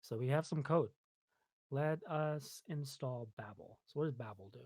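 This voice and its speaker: A man's voice: medium pitch, normal speed, a little mellow, dry recording. A man hosting a coding tutorial, casually thinking aloud while he types, with lots of ums and self-deprecating asides. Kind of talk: casual screen-recorded coding walkthrough.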